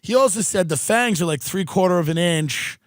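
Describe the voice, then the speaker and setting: A man's voice: sits high, normal speed, no room sound, studio quality. A man hosting a podcast, telling comedic stories with profanity and acting out the people he quotes. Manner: animated, profane, mimics people in quoted voices. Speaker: podcast host. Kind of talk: comedic storytelling chat. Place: Southern California.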